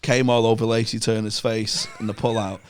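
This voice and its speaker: A man's voice: lowish voice, level tone, fairly quick. A man in his thirties with a Manchester accent, a podcast guest telling bawdy stories and laughing mid-sentence. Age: 30s. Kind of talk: casual chat.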